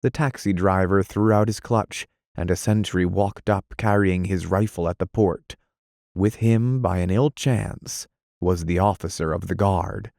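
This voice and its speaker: A man narrating an audiobook in a measured, dramatic reading style. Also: sits low, fairly even intonation, creaky, a little mellow, no room sound, studio quality.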